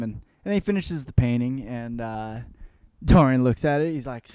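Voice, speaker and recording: A man's voice: mid-range voice, lively intonation, a little fast, a little mellow, no room sound, clean studio sound. A man hosting a podcast, giving a crude comedic book report in a profane, rambling way. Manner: profane, rambling, puts on voices for characters. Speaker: podcast host.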